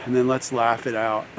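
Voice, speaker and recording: Slow, calm male coach. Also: medium pitch, slight background noise. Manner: slow, calm, guiding with frequent pauses; laughs easily, playful demonstrations. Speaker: recovery coach. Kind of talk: coaching talk to camera.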